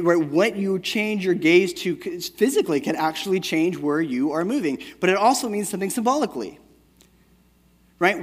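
A man in his thirties preaching a sermon in a casual, conversational way, often checking in with "right?" and telling a family story. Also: high-pitched. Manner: conversational, keeps asking "right?". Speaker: pastor. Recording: long hall reverb.

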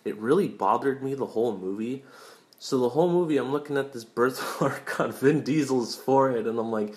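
Talking about movies in a loose, rambling way, a young man curses freely and keeps drifting into tangents. He speaks briskly in a medium-pitched, slightly mellow voice.

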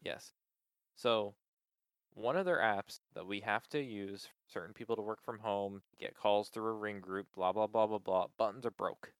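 A man's voice: lowish voice, moderate pace, clean tone, no echo, clean studio sound. A man in casual chat, venting with exasperation about a support call, swearing often and filling with "like".

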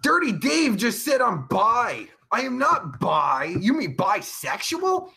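Guy putting on a high gravelly raspy perv host, swears nonstop, bright and sharp. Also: huge pitch swings, takes it slowly, heavily acted. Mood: cocky joking. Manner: crude, rambling, swears constantly. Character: crude foul-mouthed male pervert show host. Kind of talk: comedic live stream chat.

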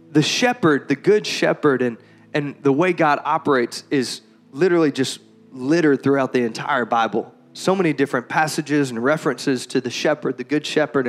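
A young adult man preaching as a pastor in a church, moving from calm talk to loud, impassioned preaching. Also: on the high side. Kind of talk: sermon. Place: church hall.

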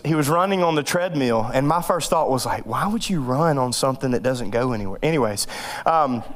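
A male pastor, telling a personal story in a sermon, animated and joking, with bursts of loud voices. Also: fairly high pitch. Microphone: microphone.

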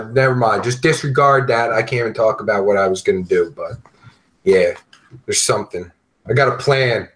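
A man's voice: mid-range voice, a bit bright, poor audio. A man hosting a podcast, chatting casually and ranting bluntly with lots of swearing. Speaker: podcast host.

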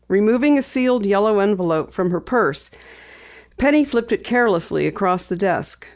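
A woman narrating a story with an even, storytelling delivery. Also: mid-range voice, normal speed. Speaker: audiobook narrator. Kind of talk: scripted narration. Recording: slightly dull lo-fi audio.

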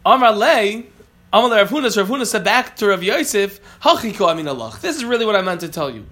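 A man's voice: high voice, big pitch swings, fast, bright, forceful tone. A man teaching a Talmud class, reading Aramaic phrases and then explaining them plainly, often catching and correcting himself.

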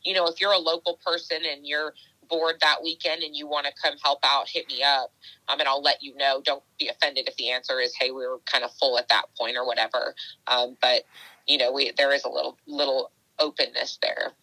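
A woman's voice: extremely low pitch, little pitch movement, fairly quick, pushed and bright, dry recording, rough recording. A woman obstacle racer chatting casually in an interview, rambling with many fillers and restarts. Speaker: obstacle race athlete.

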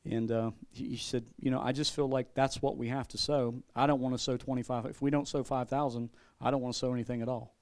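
A man's voice: mid-range voice, little pitch movement, fast, few pauses, a little mellow. A man pastor giving a sermon with a personal testimony, talking in a loose, conversational way and often repeating his words. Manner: conversational, repeats words, laughs, acts out quotes.

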